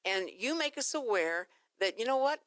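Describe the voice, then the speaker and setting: Lively-voiced woman talk show host. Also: moderate pace, no echo. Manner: expressive, encouraging, lively pitch. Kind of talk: casual interview chat.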